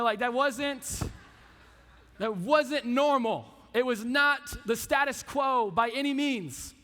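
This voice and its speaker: A man preaching a youth sermon, telling stories with lots of casual asides. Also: very high-pitched. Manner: casual, animated storytelling with frequent asides. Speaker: youth pastor. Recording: reverberant hall.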